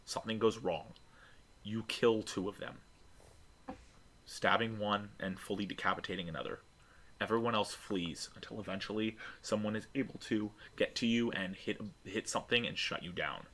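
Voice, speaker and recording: A man's voice: fairly low pitch, normal speed, a bit bright, a little hiss or hum. A man narrating a tabletop game as game master, descriptive and restarting often.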